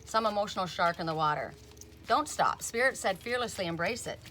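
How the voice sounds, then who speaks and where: A woman's voice: medium pitch, animated, fairly quick, sharp tone, slight background noise. A woman giving a casual spoken oracle card reading. She chats, often tags on "right?", and breaks off with sudden emphatic "Stop.".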